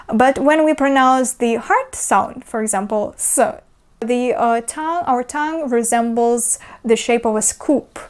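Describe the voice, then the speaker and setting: Slow-speaking woman. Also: fairly high pitch. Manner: slow, patient explanations with frequent "uh" fillers and repeated example sounds. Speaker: language teacher. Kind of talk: pronunciation lesson.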